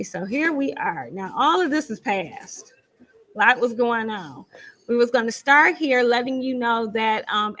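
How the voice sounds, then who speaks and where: A chatty woman with a slightly high voice, hosting a live show from a lounge studio. She runs through announcements in a loose, self-teasing way and thinks aloud as she goes. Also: a bit bright. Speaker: show host. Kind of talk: casual live-stream announcements.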